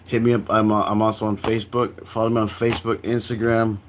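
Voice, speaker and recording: A tired young man with a lowish voice rambles through a casual livestream chat, stacking "like" and false starts as he goes. A faint hum of room ambience sits behind him. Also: level tone, fast. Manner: rambling, full of "like" and restarts.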